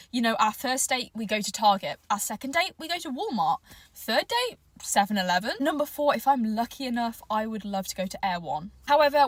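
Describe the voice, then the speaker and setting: A woman's voice: fairly high pitch, dry recording. A British woman delivering a playful, mock-earnest comedic monologue to camera.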